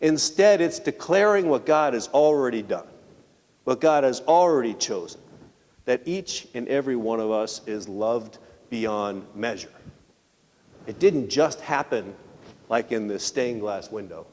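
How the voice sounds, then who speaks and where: A male pastor giving a sermon in a conversational, animated way, often asking the congregation rhetorical questions. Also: medium pitch, unhurried. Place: church sanctuary. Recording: long church reverb.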